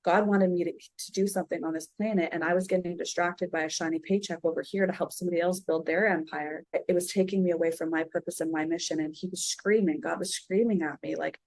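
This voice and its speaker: A woman's voice: lowish voice, steady tone, quick pace, few pauses, darkish tone, no room sound. A woman from Canada, a podcast guest, talking in an earnest, emphatic way in casual chat.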